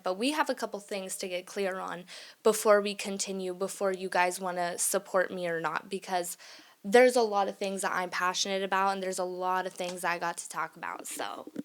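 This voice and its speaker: A woman in her early twenties hosting her own podcast, talking in a candid, chatty way and often checking in with her listeners. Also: mid-range voice. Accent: northern Mexican Spanish. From family from Mexico. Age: 20s. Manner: chatty and candid, tossing in "okay, guys?"; switches into Spanish and German. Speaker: podcast host. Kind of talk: casual solo podcast monologue.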